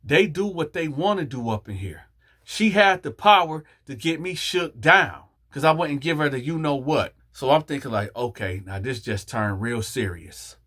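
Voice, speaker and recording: Husky-voiced man telling a story. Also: a little high, normal speed. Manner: animated, addresses viewers directly. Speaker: storyteller, channel host. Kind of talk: casual storytime monologue.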